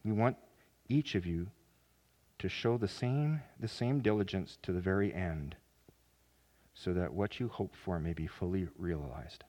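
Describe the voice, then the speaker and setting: A man preaching a sermon as pastor, earnest, with sudden loud emphatic rises. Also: sits low, unhurried.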